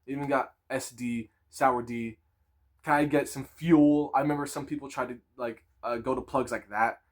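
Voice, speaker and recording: Animated young man telling a story. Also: mid-range voice, moderate pace. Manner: animated, laughing, crude slang. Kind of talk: casual storytime.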